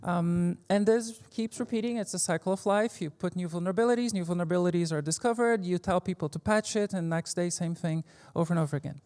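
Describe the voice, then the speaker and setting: A woman with a fairly low voice gives a relaxed technical talk from a conference stage. She is informal and wry, drops in the odd curse word and fills her pauses with "um" and "like." Her voice carries a long reverb tail from the large hall around her. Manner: informal and joking, with frequent fillers and mild swearing. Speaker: conference speaker. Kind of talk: casual technical presentation.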